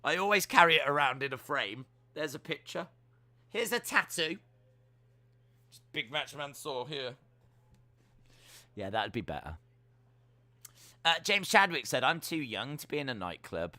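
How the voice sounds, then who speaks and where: A British man hosting a live stream, reading viewer comments aloud and answering them with teasing, deadpan jokes. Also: a little high, measured pace, pauses often, no room sound. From United Kingdom. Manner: jokey, teasing, deadpan banter.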